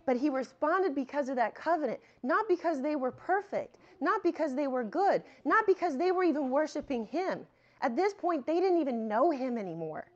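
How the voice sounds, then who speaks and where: Animated woman giving a casual Bible lesson. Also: high-pitched, moderate pace. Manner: conversational, animated asides, reads scripture aloud. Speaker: Bible teacher. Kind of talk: teaching sermon. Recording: muffled lo-fi sound.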